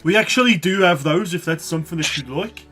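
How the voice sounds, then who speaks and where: Man playing a rambling gnome shopkeeper, slightly high, shaky put-on accent, full of ums. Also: expressive, a little fast, a bit bright, faint music behind. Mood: eager. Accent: vague Birmingham-like put-on accent. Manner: hesitant, rambling salesman patter with many fillers. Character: small chatty male gnome shoe-shop keeper.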